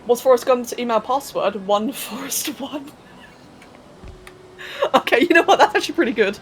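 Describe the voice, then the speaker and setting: A woman's voice: on the high side, expressive, fairly quick, slight background noise, poor audio. A young woman live-streaming a game, thinking aloud as she builds, counting under her breath and chatting to viewers with casual swearing. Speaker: livestreamer.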